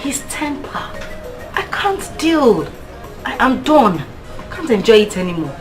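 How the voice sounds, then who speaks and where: A woman's voice: on the high side, very animated, a little slow, over music. An actress with a Nigerian accent playing a young woman fed up with her hot-tempered boyfriend. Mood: indignant. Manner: indignant, emphatic.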